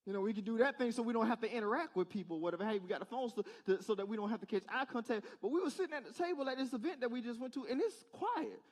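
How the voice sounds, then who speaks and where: A man's voice: extremely high pitch, racing, few pauses. A male pastor giving a conversational sermon in church, asking the congregation rhetorical questions in a casual, direct way. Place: church service.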